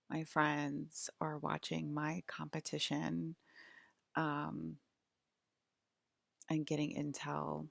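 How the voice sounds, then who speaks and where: Young woman, vlogger, low creaky voice, dry close mic, rambling casual delivery. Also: dry recording. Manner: rambling, heavy filler words.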